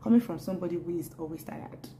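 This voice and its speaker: A young adult woman chatting casually to camera in a vlog, animated and laughing often, repeating words as she talks. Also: lowish voice, fast, slight background noise, rough recording. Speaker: pregnancy vlogger.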